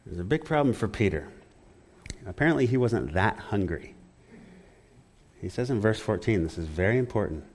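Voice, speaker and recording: A male preacher walks his congregation through a passage in an expository sermon. His pitch swings widely and keeps the talk animated. He often stops to ask the listeners questions. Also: moderate pace, pauses often.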